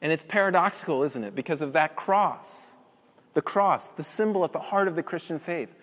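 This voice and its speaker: A man with a high voice preaches a sermon in a church hall. His voice rises to loud emphatic peaks, then falls to soft, low passages. A long reverb trails behind every phrase. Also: moderate pace. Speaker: pastor.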